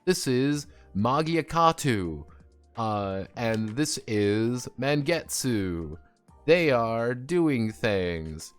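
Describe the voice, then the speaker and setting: A man mimicking a grating woman convention panelist who mispronounces titles, speaking in a slow, sing-song, overly enthusiastic way. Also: medium pitch, big pitch swings, clean tone, faint music behind. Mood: gushing.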